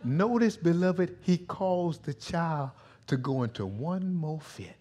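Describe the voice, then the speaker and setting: A male pastor preaching a sermon in a vernacular style, swinging from hushed, intimate passages to loud shouting. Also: a little high, lively intonation, slow.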